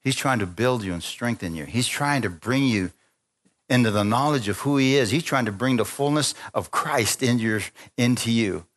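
A man's voice: medium pitch, moderate pace. A middle-aged man preaching a sermon, telling personal stories and acting out the voices in them. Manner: animated storytelling, acting out voices. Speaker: pastor.

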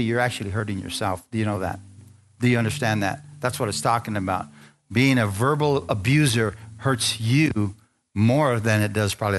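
A man preaching as pastor, reading scripture and telling his own testimony, asking the congregation for amens and rising into excited high peaks. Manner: animated preaching, calls for amen, rises to high excited peaks. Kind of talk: sermon.

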